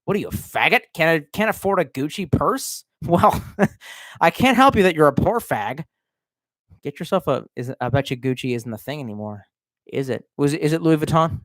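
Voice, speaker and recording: A man's voice: fairly high pitch, sing-song, moderate pace, a bit bright, no echo. A man hosting a casual livestream, reading viewer comments aloud and answering in a crude, sarcastic rant. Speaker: livestream host reading chat.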